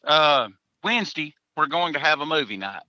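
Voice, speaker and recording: A man's voice: a little high, animated, moderate pace, pushed and bright, dry recording, muffled recording. A man, a hunter chatting as a podcast guest in a folksy, joking way, chuckling between answers. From Tennessee, USA. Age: 40s. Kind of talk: casual podcast interview.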